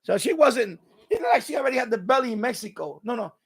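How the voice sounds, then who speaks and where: A man rants through a casual live stream in a high, gravelly voice. He rambles and repeats himself in streetwise slang. He slips into other people's lines as he retells what they said. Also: sing-song, fast talker. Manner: acts out quoted exchanges. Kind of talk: casual ranting commentary.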